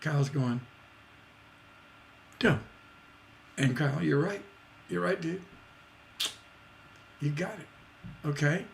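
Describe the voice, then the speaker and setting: A man with a fairly high, creaky voice teaches songwriting on a livestream, speaking unhurriedly and pausing a lot. A little hiss or hum sits under the audio. Chatty and full of fillers and restarts, he acts out rhythms by vocalizing beats.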